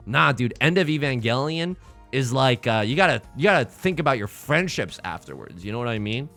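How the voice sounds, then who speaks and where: Animated, bright-voiced joking male streamer. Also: a little high, moderate pace, soft background music. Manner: jokey, theatrical and self-mocking. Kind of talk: casual live-stream game commentary.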